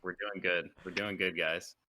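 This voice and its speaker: A man's voice: sits low, steady tone, moderate pace, pushed and bright, a little hiss or hum, poor audio. A man playing in a tabletop game, easygoing and joking about the dice rolls. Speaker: player. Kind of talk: casual chat at the game table.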